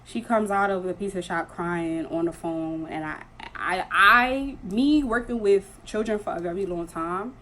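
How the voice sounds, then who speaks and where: A woman's voice: mid-range voice, measured pace, a bit bright, a little hiss or hum, rough recording. A young woman vlogging, casually and earnestly telling a story and repeating phrases for emphasis.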